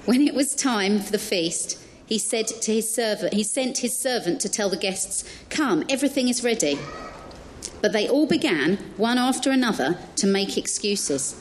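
A woman reading a Bible passage aloud during a church service, in a steady, measured voice. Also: medium pitch, a little hiss or hum. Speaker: scripture reader.

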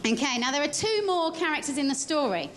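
A woman telling a Bible story during a church service, lively as she directs child volunteers. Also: sits high, brisk, crowd noise.

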